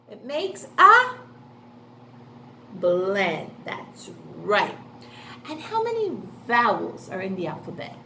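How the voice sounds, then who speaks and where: Woman, early-years phonics teacher; very lively pitch, unhurried, cheerful quiz-and-answer delivery. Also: echoey room, a little hiss or hum. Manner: sing-song, encouraging, asks questions and answers them herself. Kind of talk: phonics lesson for young children.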